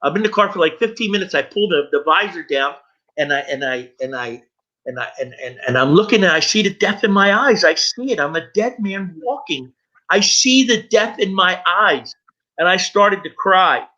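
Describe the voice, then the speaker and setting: A man's voice: high voice, animated, moderate pace, pushed and bright, highs cut off. A middle-aged man sharing his recovery story in an earnest personal testimony, speaking straight to his listeners.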